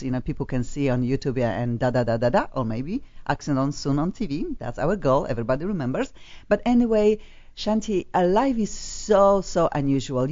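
A woman's voice: deep voice, darkish tone, dry recording. A woman hosting a radio talk show, speaking effusive, exclamatory English from a studio. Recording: dull lo-fi radio sound.

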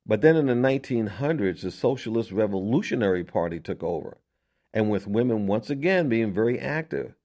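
This radio host delivers a chatty history lecture on air in a fairly quick, animated voice that sits on the low side and has a slightly mellow quality. He leans on rhetorical questions, speaks emphatically, and often repeats himself and starts over.

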